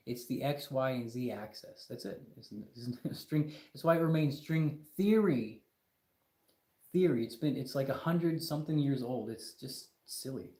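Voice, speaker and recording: Guy ranting on his livestream, mellow tone, keeps repeating himself, roomy echo. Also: mid-range voice. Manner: emphatic, ranting, with exasperated repetition. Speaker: livestream host. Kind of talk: casual livestream chat.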